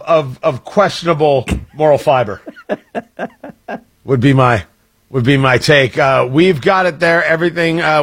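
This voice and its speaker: A man hosting a morning radio talk show, joking and riffing with quick self-interruptions. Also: a little high, a bit bright. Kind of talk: casual radio chat.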